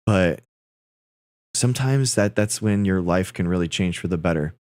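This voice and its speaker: This man, a livestream host in his thirties, tells meandering personal stories to viewers he addresses as "guys." His voice sits low with a darkish tone, animated at a moderate pace, and there is no room sound.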